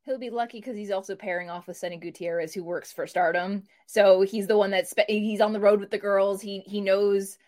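A woman's voice: medium pitch, fairly quick, hardly any pauses. Chatty woman co-hosting a wrestling preview. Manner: animated storytelling with fillers. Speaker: wrestling podcast co-host. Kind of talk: casual preview chat.

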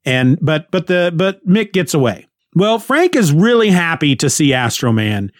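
A man's voice: on the high side, sing-song, measured pace, no echo, studio quality. A man retelling a comic book story in a casual, rambling way, with frequent restarts and chuckles.

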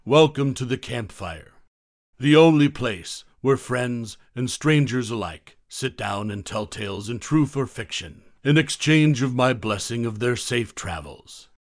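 A man's voice: medium pitch, animated, measured pace, no room sound. Man narrating horror in a dry close voice.

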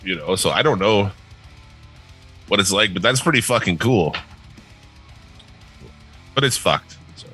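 A man's voice: fairly low pitch, animated, measured pace, long pauses, bright, forceful tone, husky, soft background music. A man co-hosting a podcast in loose, sarcastic, heavily profane casual chat. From northern United States. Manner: loose, sarcastic, swears a lot. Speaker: podcast co-host.

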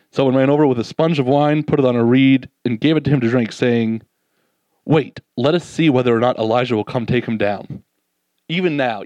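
A man preaching a sermon, reading scripture and acting out the disciples' doubts in an animated way, then dropping soft and slow to reflect. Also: mid-range voice, no room sound.

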